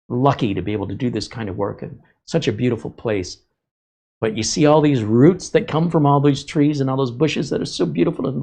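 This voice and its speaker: A man's voice: medium pitch, vocal fry, darkish tone. A man voicing a cheerful plumber who gushes admiringly about the scenery. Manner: gushing, admiring. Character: cheerful upbeat Australian plumber.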